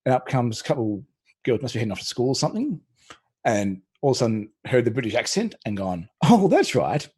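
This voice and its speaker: Husky-voiced man telling a rambling story. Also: medium pitch, lively intonation, fast talker, darkish tone. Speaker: stream co-host. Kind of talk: casual chat.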